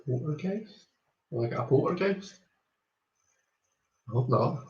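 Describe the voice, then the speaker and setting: A man's voice: fairly high pitch, expressive, takes it slowly, darkish tone. A Scottish man hosting a tarot live stream, greeting viewers one by one in a rambling, casual chat full of ums. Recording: roomy, slightly dull home stream audio.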